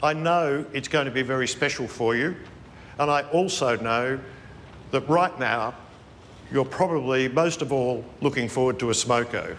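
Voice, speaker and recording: A man's voice: mid-range voice, moderate pace, a bit bright, a little hiss or hum. Matey Australian man in a video message. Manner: friendly, matey. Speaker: former colleague in a video tribute.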